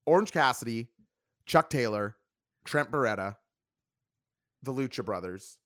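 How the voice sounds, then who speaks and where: A man's voice: mid-range voice, expressive, a little slow, fairly bright tone, no echo, studio quality. A man hosting a wrestling review podcast, talkative and joking in casual chat. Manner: talkative, joking, plugs the channel.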